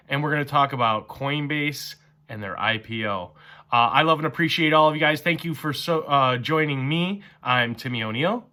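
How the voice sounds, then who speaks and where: Male host, bright, eager delivery, filler-heavy casual market rundown. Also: a little high. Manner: excited, fast-paced with many fillers. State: slightly strained voice from talking all morning. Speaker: crypto vlogger. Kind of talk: casual enthusiastic market update.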